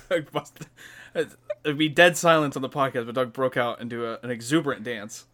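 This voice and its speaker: A man's voice: mid-range voice, normal speed, fairly bright tone. A man co-hosting a podcast in casual chat, laughing often and swearing as he retells scenes. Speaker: podcast co-host.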